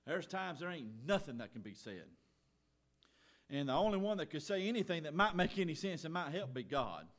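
Earnest pastor preaching. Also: male voice, high voice. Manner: folksy, earnest, swings from loud exhortation to soft asides. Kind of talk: sermon. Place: church.

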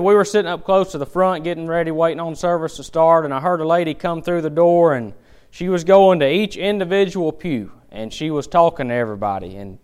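A man preaching a sermon, with folksy storytelling and emphatic, animated delivery. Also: a little high, clear, resonant tone.

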